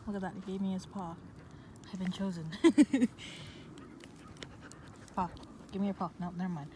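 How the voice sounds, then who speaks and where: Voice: medium pitch, steady tone, normal speed, pauses often. A vlogger chatting casually to their dog outdoors, playful and laughing, with some casual swearing, recorded on a handheld phone. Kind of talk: casual vlog, talking to a dog. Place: outdoors in a yard by a fire. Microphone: phone held in hand. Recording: outdoor phone recording with clear background noise. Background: dog moving about, outdoor ambience.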